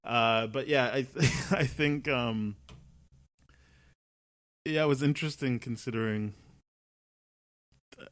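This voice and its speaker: A man co-hosting a film podcast in casual chat, relaxed, quoting movie lines as he talks. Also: medium pitch, slow pace, long pauses, dry recording. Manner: relaxed, quotes movie lines, laughs between points. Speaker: podcast co-host.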